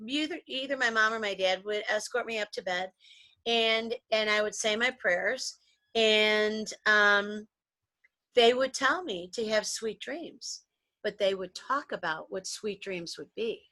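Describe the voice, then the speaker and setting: Bright-voiced woman telling childhood stories. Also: medium pitch, no room sound. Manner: rambling, animated reminiscing with restarts. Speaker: co-host. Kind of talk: casual storytelling chat.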